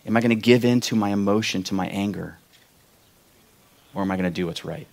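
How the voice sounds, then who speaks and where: A man preaching a sermon, retelling a Bible story with acted-out quotes and loud, emphatic peaks. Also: fairly low pitch, fairly quick, vocal fry. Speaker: pastor.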